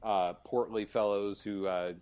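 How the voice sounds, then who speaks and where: A man's voice: fairly low pitch, fairly even intonation, unhurried, darkish tone, clear, resonant tone. A man hosting a podcast, chatting casually and enthusiastically, rambling as he retells scenes. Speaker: podcast host. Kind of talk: casual conversation.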